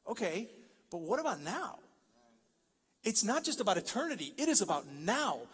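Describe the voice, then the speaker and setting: A man's voice: high voice, big pitch swings, normal speed, long pauses, fairly bright tone, husky. A man preaching a sermon, conversational and joking, building to emphatic peaks. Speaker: pastor. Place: large church hall. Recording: long church-hall reverb.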